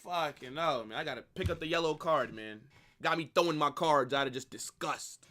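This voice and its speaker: A young man, reacting live to a football match in excited, exasperated rants full of swearing and repeated phrases. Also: a little high, moderate pace. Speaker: football watch-along streamer.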